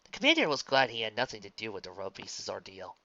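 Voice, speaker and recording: A man reading a fanfic story aloud as narrator, in a quick, lively manner. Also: lowish voice, creaky, dry recording. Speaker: fanfic reader. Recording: dull lo-fi recording, dry.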